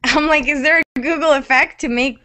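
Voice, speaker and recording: A woman's voice: high voice, steady tone, fairly quick, sharp tone. A woman joining a podcast brainstorming chat, throwing in wisecracks and loose ideas.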